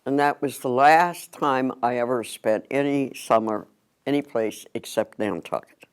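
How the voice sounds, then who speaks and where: An older man reminisces at a very slow, unhurried pace. His voice is smooth and clear, and he reflects on his memories calmly. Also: medium pitch. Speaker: interviewee. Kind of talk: reflective storytelling.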